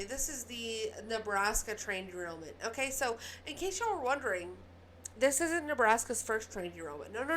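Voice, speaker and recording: Southern woman news host, heated ranty delivery, pitched a bit high, soft hiss behind. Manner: heated ranting with quick apologies. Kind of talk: casual news commentary.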